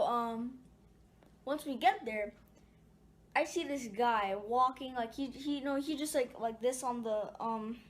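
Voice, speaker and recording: A woman casually telling a personal story to her viewers, rambling with ums and restarts. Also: high-pitched. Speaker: storyteller vlogger.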